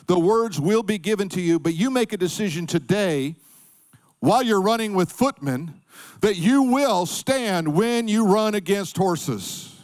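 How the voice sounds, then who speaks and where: A man's voice: high voice, expressive, measured pace. A middle-aged man preaching a sermon, emphatic, calling on the congregation to answer back. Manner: emphatic preaching with call-and-response. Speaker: pastor.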